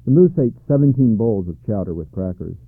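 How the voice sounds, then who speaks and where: A man calmly reading a children's storybook aloud, in a measured way, on a dry, tinny recording. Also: fairly low pitch, dry recording. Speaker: narrator. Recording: dry tinny narrow-band sound.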